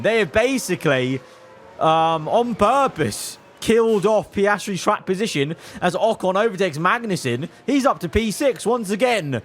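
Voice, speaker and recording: A young gaming video creator narrates his own racing management gameplay live, talking to his drivers and swinging between low muttering and loud outbursts. His intonation is lively and his delivery unhurried.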